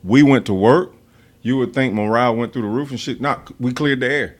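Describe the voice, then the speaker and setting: A man's voice: medium pitch, fairly quick. A man, hosting a podcast and telling stories in a blunt, profane way. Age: 50s. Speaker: podcast host. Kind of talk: casual podcast chat.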